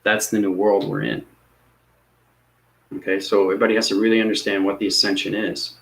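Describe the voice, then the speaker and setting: A man's voice: on the low side, steady tone, a little fast, vocal fry, rough recording. A man talking earnestly and rambling about spiritual ascension, often repeating himself. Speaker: spiritual teacher. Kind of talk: unscripted spiritual talk.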